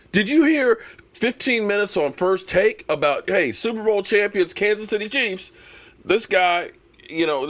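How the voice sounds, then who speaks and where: A man hosting a live fan stream, ranting in an animated, sarcastic way with lots of repeated phrases. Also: sits high. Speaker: sports channel host.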